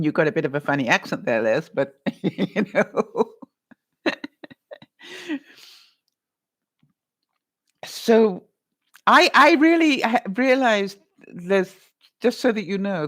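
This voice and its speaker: A woman's voice: lowish voice, animated, takes it slowly, pauses often. A woman vlogger chatting live with her viewers, giving advice and calling them honey and by their names, in a rambling way with asides. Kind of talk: live-stream advice chat.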